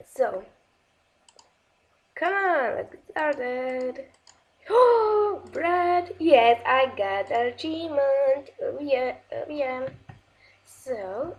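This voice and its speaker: Playing a game for her video, this high-voiced woman offers casual commentary in halting non-native English, restarting often. Excitable and jumpy, she startles easily, letting out gasps and nervous laughs.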